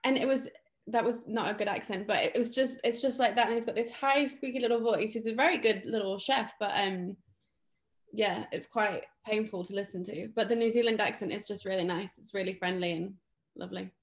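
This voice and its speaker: In a relaxed interview, this young English guest talks fairly quickly in a medium-pitched voice. Her speech is chatty, full of fillers and false starts.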